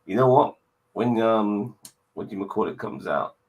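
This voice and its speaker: A man hosting a casual online chat show, blunt and quick to swear, with cheery sign-offs. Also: fairly low pitch, expressive, darkish tone, muffled recording. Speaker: podcast host.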